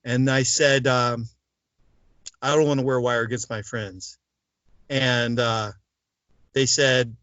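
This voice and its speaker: A man's voice: mid-range voice, fairly even intonation, slow pace, pauses often, a bit bright, no room sound. A man in a casual interview, telling his story at length and acting out the voices of the people in it. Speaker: interview guest, former mobster turned informant. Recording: dull, dry lo-fi sound.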